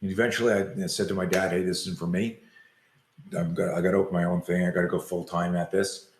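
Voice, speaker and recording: A man's voice: sits low, quick pace. An older man, a self-defense coach, tells a long story in an interview and acts out the quoted lines as he goes. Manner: animated storyteller acting out quoted dialogue. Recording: roomy echo.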